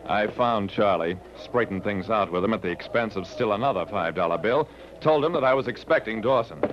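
Playing a wry private detective who narrates his own case, a male actor performs in 1940s radio style, keeping the narration dry yet lively. He talks a little fast in a lowish voice close to everyday speech. The audio is a dull vintage radio recording with a faint hiss.

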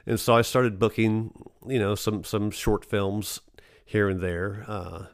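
A man chats about his acting work in a relaxed interview. His voice sits on the low side and sounds close and dry. He rambles, stumbling through restarts and fillers. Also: takes it slowly, dry recording. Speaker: actor, interview guest. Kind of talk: casual conversational interview.

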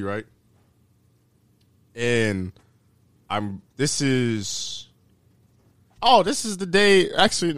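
A young man tells a story on a podcast with a lively, swooping voice and an animated delivery. He jumps into high voices for the people he quotes and laughs mid-sentence. The sound is dry and close to the mic. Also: no echo. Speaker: podcast co-host. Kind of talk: casual storytelling chat.

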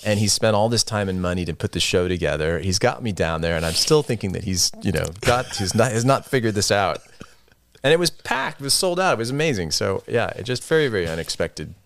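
A man's voice: fairly low pitch, expressive, fairly quick. A middle-aged man, a guest musician, telling rambling, self-deprecating stories in a casual interview and laughing often.

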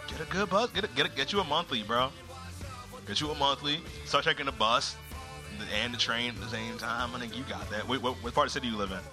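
A man hosting a live comedy show, teasing the audience with loud, profane banter. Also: mid-range voice, quick pace, over music. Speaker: host. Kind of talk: live comedy crowd work.

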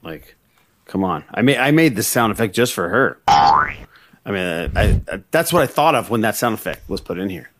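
A man's voice: on the low side, very animated, moderate pace, fairly bright tone. A man co-hosting a podcast, joking and swearing freely, laughing often in casual banter. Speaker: podcast co-host.

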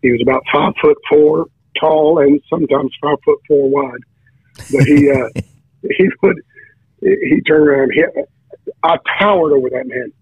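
A guest preacher shares his testimony in relaxed talk, his story marked by frequent restarts and stammered repeats. His voice runs a little high, creaky and slightly rough, at a moderate pace, with dry audio over a tinny phone line.

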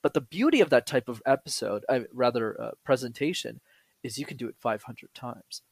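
A man speaking as a podcast guest, telling lively stories and acting out the voices of people he quotes. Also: mid-range voice, fairly quick, creaky, slightly rough. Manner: animated storyteller who acts out quoted voices. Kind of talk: conversational podcast interview.

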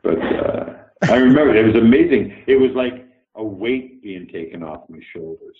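An older Canadian man with a low voice tells candid, salty stories and acts out every line of dialogue. His voice comes over a thin, phone-like line from a roomy space. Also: lively intonation, moderate pace. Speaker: guest actor. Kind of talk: casual interview storytelling.

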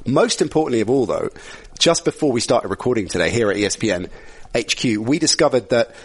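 A man's voice: medium pitch, animated, a little fast, husky. A man hosting a sports podcast in an upbeat, chatty way, laughing easily with his guest. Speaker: podcast host. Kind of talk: casual sports talk.

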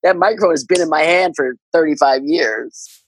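A woman's voice: low-pitched, moderate pace, slight background noise, rough recording. A middle-aged woman who works as a ballpark announcer, chatting as a guest and telling stories with lots of laughter and repeated words for emphasis. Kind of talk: casual interview chat.

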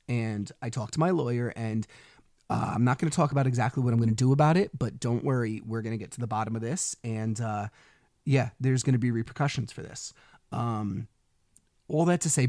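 A father in casual personal storytelling, animated, acting out quoted dialogue and swearing freely. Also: medium pitch, dry recording, clean studio sound.

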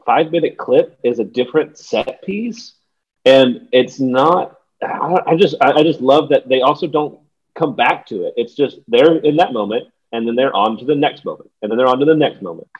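A man co-hosting a podcast chat about a film. He rambles through his points with plenty of "like" and breaks into laughter along the way. His voice sits at a middle pitch, and the recording sounds a little dull and lo-fi. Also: normal speed, slightly rough. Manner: rambling, many "like" fillers, laughs often. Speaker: podcast co-host. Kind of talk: casual movie discussion.

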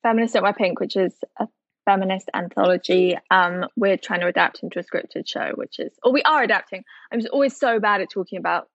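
A chatty woman tells a story as a podcast guest, rambling and poking fun at herself. Her voice sits at an ordinary pitch. It comes through a dull, lo-fi line with a dry sound. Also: a little fast, fairly bright tone, dry recording. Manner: chatty, self-deprecating, rambling. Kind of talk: casual conversational storytelling.

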